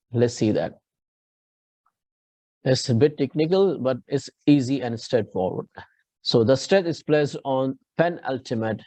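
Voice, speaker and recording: A man's voice: medium pitch, mellow, dry recording. A man with an Indian English accent, giving a classroom lecture on English pronunciation, explaining patiently and asking students to repeat after him.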